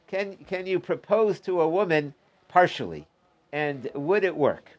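A man's voice: a little high, animated, unhurried, muffled recording. Man teaching a Talmud class. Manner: explains step by step, restates points, mixes in Aramaic terms.

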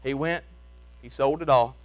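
A man with a Mississippi accent preaching a sermon in folksy Southern speech, shouting some phrases and dropping to a hush on others. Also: medium pitch, moderate pace. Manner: swings from shouting to hushed, soft tones; folksy Southern grammar, chuckles while preaching. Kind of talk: revival sermon. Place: church.

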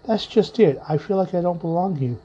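A man's voice: high voice, expressive, a little fast, warm tone, slightly rough, voice pushed up. A man voicing an anxious, frightened wife in a read-aloud story, speaking in a pleading manner. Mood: distraught. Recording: muffled lo-fi with faint music.

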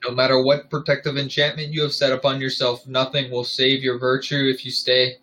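A man's voice: medium pitch, monotone, a little fast, sharp tone, close to an everyday voice. A man voicing a stern female centaur who delivers a solemn warning.

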